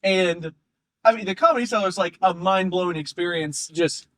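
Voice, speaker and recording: High-voiced man telling a rambling story. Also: moderate pace, no room sound. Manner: rambling, laughs often, animated. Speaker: comedian guest. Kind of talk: casual chat, storytelling.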